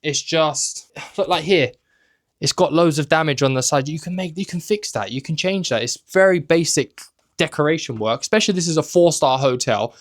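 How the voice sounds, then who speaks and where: A young man with a slightly high voice gives a chatty walk-through of a small indoor hotel room. He cracks offhand jokes as he goes and sounds like he is holding the camera himself. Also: normal speed. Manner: chatty and joking, with offhand asides. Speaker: travel vlogger and host. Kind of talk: casual hotel room tour.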